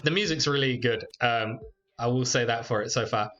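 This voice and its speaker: A man giving casual let's play commentary on a video game, chatty and relaxed, with frequent fillers. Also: mid-range voice, moderate pace, lo-fi sound, over loud music. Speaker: YouTuber playing a game.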